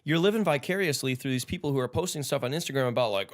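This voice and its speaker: A man hosting a casual podcast chat, talking bluntly and swearing a lot, getting loud and animated as he tells stories. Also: mid-range voice, quick pace. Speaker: podcast host.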